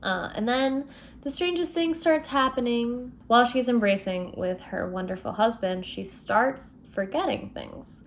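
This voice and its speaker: A young woman in a casual book vlog, chatty and expressive, recapping a novel with frequent fillers. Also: on the high side, measured pace, slight background noise. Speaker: book vlogger.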